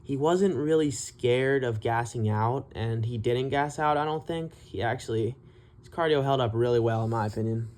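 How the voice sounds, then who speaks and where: A man's voice: mid-range voice, moderate pace, a little mellow, slight background noise. A man giving casual, profane commentary on a fight, blunt and mocking as he rants. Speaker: MMA commentary vlogger.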